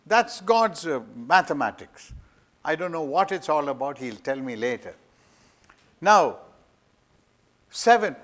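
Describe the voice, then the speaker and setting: A man preaching a sermon with dramatic storytelling, acting out voices and swinging from loud declarations to hushed asides. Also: mid-range voice, animated, unhurried, pauses often.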